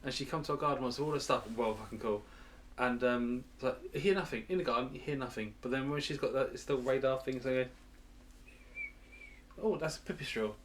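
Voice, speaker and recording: A man's voice: medium pitch, brisk, slight background noise. A man co-hosting a podcast in casual chat, playful and stumbling over his words. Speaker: podcast co-host.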